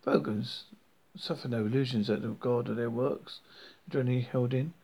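Gravelly man reading a novel aloud. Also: medium pitch, mellow, low-quality recording. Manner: halting, self-correcting reading. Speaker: reader.

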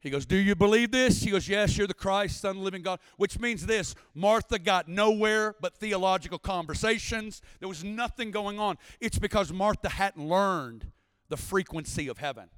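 Male preacher, high voice, dry close sound, rising to shouted, sung-out climaxes. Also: moderate pace, clear, resonant tone, no room sound, in a large hall. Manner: impassioned, builds to shouting and sing-song preaching. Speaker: guest preacher. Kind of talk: sermon. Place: church service.

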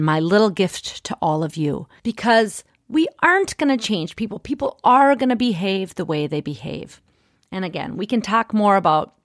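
Woman, middle-aged, life coach, podcast monologue, encouraging, gently persuasive, dry recording. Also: medium pitch, no echo.

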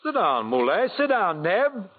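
A brash adventurer in a 1940s radio comedy, always ready with a wisecrack. His voice is somewhat high and lively. The old broadcast sounds narrow and phone-like. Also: heavily acted. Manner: brash, fast-talking wisecracks.

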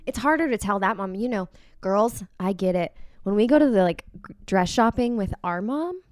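With a medium-pitched voice at a moderate pace, a young podcast co-host talks casually about planning a wedding, animated and chatty as she performs small quoted lines. The studio sound is clean, with no echo.

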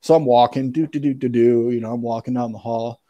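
A man's voice: mid-range voice, fairly even intonation, fairly quick, mellow. A man telling a story as a guest in a casual, slangy, profane way, calling people "bro.". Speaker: podcast guest.

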